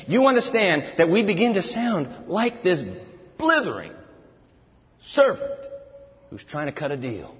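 A man preaching a sermon to a congregation, animated, acting out a pleading servant in a whiny high voice. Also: unhurried, long pauses. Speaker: pastor. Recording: dull, lo-fi audio with long hall reverb.

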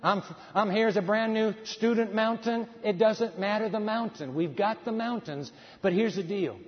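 A male pastor preaching a sermon, swinging between loud, fervent passages and hushed, quiet ones. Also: high voice, unhurried. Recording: dull sound in a hall with long reverb.

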